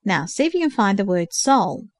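A woman's voice: mid-range voice, very animated, moderate pace, no room sound, natural voice. A woman reading the part of a patient older male mentor who carefully explains study books. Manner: careful explaining, gently instructive.

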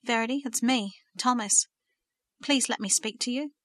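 A woman's voice: a little high, moderate pace, fairly bright tone, dry recording, studio quality, lightly acted. A woman voicing a remorseful, tearful young man who pleads in a shaky, sobbing voice. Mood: pleading.

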